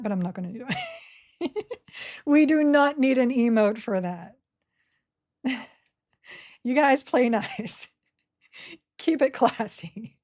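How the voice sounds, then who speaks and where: A giggly woman narrating her game on a live stream, slightly high in pitch, with a mellow, soft tone. She talks slowly and casually, laughing often and chatting to her viewers and characters. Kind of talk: casual live gameplay commentary.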